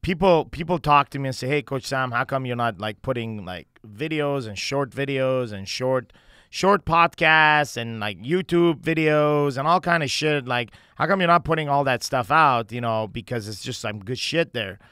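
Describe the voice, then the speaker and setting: Guy coaching on a podcast, bright crisp voice, fired up and swearing a lot. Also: mid-range voice, animated, normal speed, no room sound, studio quality. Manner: intense, emphatic, heavy swearing. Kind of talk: candid podcast conversation.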